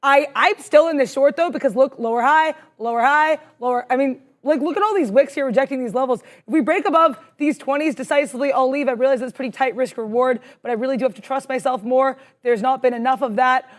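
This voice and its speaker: Fast, high-voiced excitable woman. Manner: excitable, rambling, self-deprecating. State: jittery with adrenaline. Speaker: stream co-host, day trader. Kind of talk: live trading stream chat.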